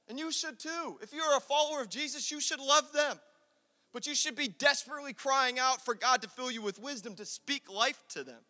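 A man preaching a sermon as pastor, swinging from quiet asides to loud, drawn-out calls. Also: very high voice. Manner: preaching with dramatic swings of volume and acted quotes. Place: church sanctuary. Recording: echoey church hall.

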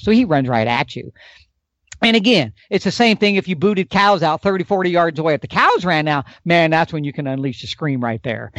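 A man's voice: fairly high pitch, no echo, muffled recording. A man on a podcast, an elk calling expert, telling hunting stories with energy and showing calls with his mouth. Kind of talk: animated podcast storytelling.

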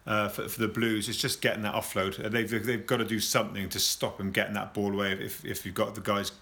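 A man with a bright, forceful voice chats about rugby. He rambles and stammers and keeps restarting his sentences. His delivery is animated, and he laughs easily. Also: fairly low pitch, fast. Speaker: rugby pundit. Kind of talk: casual sports discussion.

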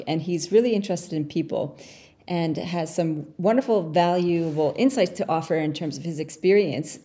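A woman from Canada hosting a podcast interview over a call, chatty and quick to laugh. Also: lowish voice, mellow. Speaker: podcast host. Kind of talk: casual interview chat. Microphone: remote call.

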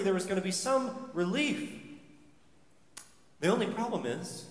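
A man's voice: high voice, fairly bright tone. A male pastor preaching a sermon, telling stories and building his points with repeated rhetorical questions. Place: church sanctuary. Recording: echoey church hall.

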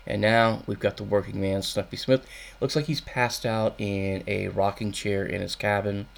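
A man's voice: on the low side, steady tone, normal speed, vocal fry. A man hosting a music radio show, casually rambling with dry jokes and many ums. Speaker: radio host.

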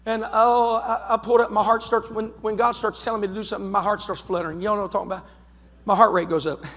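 A male pastor with an Ohio accent, preaching a fervent storytelling sermon that builds toward shouting. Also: sits high, little pitch movement, fast. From United States. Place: church sanctuary. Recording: long church hall reverb.

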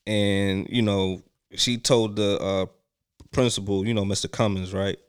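Guy telling a wild school story, smooth clear voice, does all the voices, laughs a lot. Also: on the low side, a little slow. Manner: animated, acts out voices in quoted lines, laughs often. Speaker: storyteller in a podcast chat. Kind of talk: casual storytelling.

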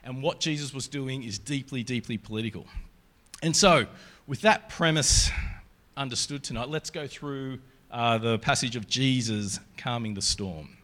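A man's voice: mid-range voice, moderate pace, fairly bright tone. Earnest man preaching conversationally. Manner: conversational, earnest, with scripture reading. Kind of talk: sermon.

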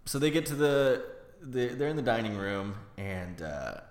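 Podcast co-host, male, casual and animated, roomy sound. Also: mid-range voice, measured pace. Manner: animated retelling with acted-out quotes. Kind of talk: casual film discussion.

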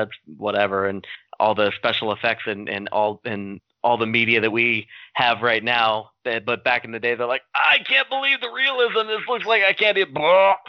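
A man's voice: fairly low pitch, smooth, no echo. A man in a casual podcast chat, joking and acting out silly quotes. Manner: jokey, acts out silly quotes. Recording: dry, dull lo-fi sound.

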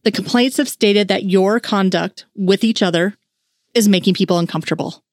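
A woman voicing a stern, gruff male FBI supervisor who speaks curtly in an audiobook-style fan fiction reading. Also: mid-range voice, moderate pace, darkish tone, no room sound, studio quality, close to an everyday voice. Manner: growling, curt.

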